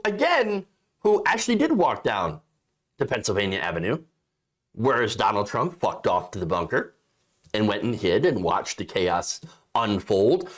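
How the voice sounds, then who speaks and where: A man giving political opinion commentary in a sarcastic, indignant, conversational way. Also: medium pitch. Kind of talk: opinion commentary reading news.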